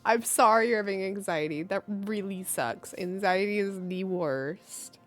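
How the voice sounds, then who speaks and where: A woman's voice: mid-range voice, measured pace, soft background music. A woman streamer chatting casually while she plays a game, giggling often and poking fun at herself. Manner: chatty, giggly, self-deprecating. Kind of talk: casual livestream chat while gaming.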